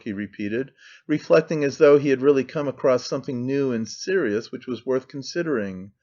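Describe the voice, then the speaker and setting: A man narrating an audiobook in a steady, plain reading voice. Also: medium pitch, normal speed. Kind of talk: audiobook narration of a classic novel. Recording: slightly dull lo-fi sound.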